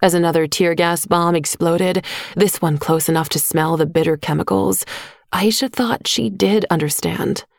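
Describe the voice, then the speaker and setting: A woman narrating a short story in a measured, even voice on a close microphone. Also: lowish voice, creaky, no room sound. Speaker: audiobook narrator. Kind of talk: scripted narration.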